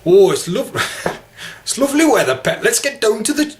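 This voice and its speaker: A man's voice: high voice, very animated, fairly quick, voice pushed up. A man voicing a chirpy Newcastle local in an exaggerated, sing-song Geordie accent.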